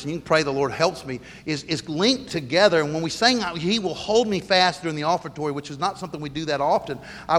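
A middle-aged pastor preaches earnestly and with emphasis in a church sanctuary, his voice on the high side and a bit bright. He often stumbles and restarts, and the large hall gives a long reverb.

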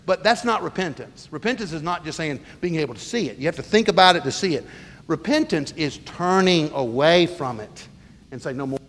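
A man's voice: a little high, expressive, fairly quick, a bit bright. Earnest middle-aged male pastor preaching. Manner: earnest, emphatic preaching with frequent stumbling restarts. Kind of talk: sermon. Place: church sanctuary. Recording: long reverb of a large hall.

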